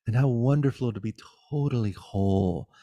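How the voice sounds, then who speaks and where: A middle-aged man giving a guided spiritual talk over a video call, swinging between loud exclamations and soft, hushed musing, swearing playfully. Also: mid-range voice, normal speed, no echo. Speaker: spiritual teacher.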